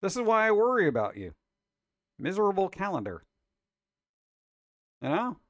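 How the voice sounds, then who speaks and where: An exasperated man hosting a casual food-video reaction show, with a fairly high voice that swings up and down in a lively way. He keeps cracking jokes between complaints. The recording is dry and close to the mic. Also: moderate pace, dry recording, highs cut off. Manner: exasperated, wisecracking, animated.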